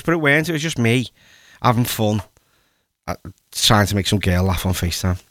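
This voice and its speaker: A middle-aged man, a radio host telling a rambling story, jumping into high voices for the people he quotes. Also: lively intonation, fairly quick, long pauses, a bit bright, dry recording, studio quality. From North West England.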